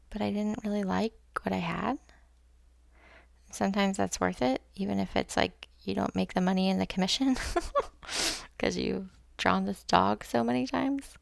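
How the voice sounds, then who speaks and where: A woman's voice: medium pitch, fairly even intonation, moderate pace, vocal fry, no room sound, studio quality. A young woman chatting casually to herself and her viewers while painting on a livestream, rambling and swearing, often dropping into a whisper. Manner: rambling, self-talk, swears, drops to whispers. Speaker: streamer painting live.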